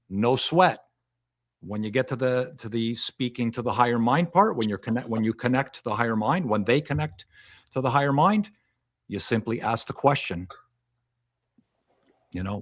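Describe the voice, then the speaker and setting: A man's voice: medium pitch, lively intonation, moderate pace, pauses often, no room sound, studio quality. A man who works as a past life regression hypnotist, answering as a podcast guest and explaining at length, often repeating and restarting phrases.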